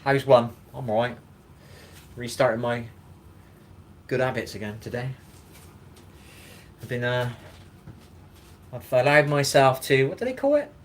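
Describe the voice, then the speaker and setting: Man live-streaming, rambling host, mid-pitched voice, faint noise behind. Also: animated, unhurried, long pauses. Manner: rambling, chatty, swears casually, greets viewers by name. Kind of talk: casual live-stream chat.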